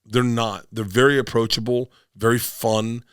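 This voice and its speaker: Middle-aged comic, loud rambling raconteur, bright forceful voice, swears freely, acts out quotes, dry close sound. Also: male voice, medium pitch, level tone, moderate pace, smooth, dry recording. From Tampa, Florida. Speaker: podcast guest, comedian. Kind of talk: casual storytelling.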